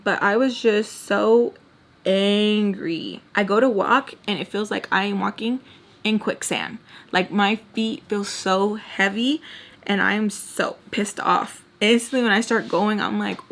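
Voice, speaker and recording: A woman's voice: medium pitch, steady tone, a little slow, fairly bright tone. A young adult woman with a mid-range voice rambles through a storytime vlog. She vents emotionally and talks straight to her viewers while she puts on makeup. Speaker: storytime vlogger. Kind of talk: casual storytime venting while doing makeup.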